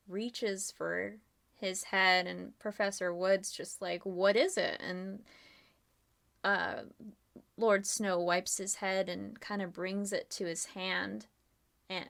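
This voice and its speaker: A woman's voice: medium pitch, gravelly, a bit bright. A woman running a live-streamed murder mystery game as game master, casual and giggly with lots of fillers.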